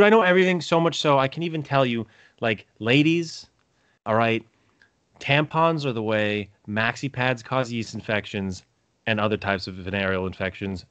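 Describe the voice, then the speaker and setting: Young male co-host, profane joker, mid pitch, dry close mic. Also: fairly bright tone, smooth, no echo. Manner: rambling, profane, jokey, laughs a lot. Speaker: podcast co-host. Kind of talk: crude casual chat.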